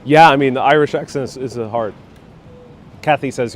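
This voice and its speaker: A man's voice: mid-range voice, normal speed. A man hosting a casual live stream outdoors on a rainy city street, joking, self-deprecating and reading chat messages aloud through a clip-on mic. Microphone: wireless clip-on mic on a phone rig.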